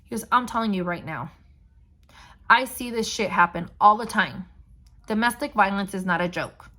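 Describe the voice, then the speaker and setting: A woman's voice: medium pitch, normal speed, pushed and bright. A young woman vlogger candidly retelling a painful personal story, blunt and emotional.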